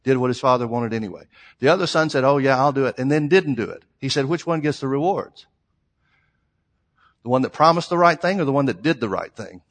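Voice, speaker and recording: A man's voice: mid-range voice, lively intonation, brisk, a bit bright. A man preaching a sermon, emphatic, stretching out the scripture lines he reads. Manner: emphatic, reads scripture in old-style phrasing. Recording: long hall reverb.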